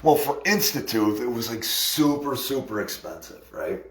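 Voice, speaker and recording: Middle-aged man, casual self-mocking storyteller, mid-pitched, echoey room. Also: animated, normal speed, a bit bright. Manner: rambling, laughing, self-mocking. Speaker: video host telling a personal story.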